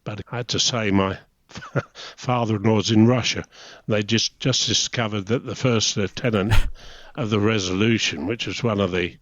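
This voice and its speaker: In a casual reminiscing interview, an eighty-something former naval officer from England shares chatty stories, chuckling often. His voice is lowish, steady, and fairly bright at a normal speed, in a dry, slightly dull recording.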